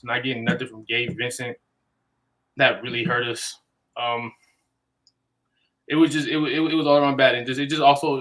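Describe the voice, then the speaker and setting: A man's voice: mid-range voice, pushed and bright, low-quality recording. A man co-hosting a live basketball podcast, talking it over casually and restarting his sentences often. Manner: restarts and repeats words often. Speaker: podcast co-host. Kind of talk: casual sports talk.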